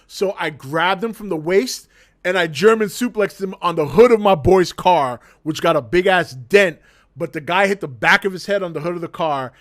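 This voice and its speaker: A man casually telling a story to his livestream chat, laughing often and swearing freely as he acts out the scene. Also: high voice. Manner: laughs often mid-sentence, swears freely, animated retelling.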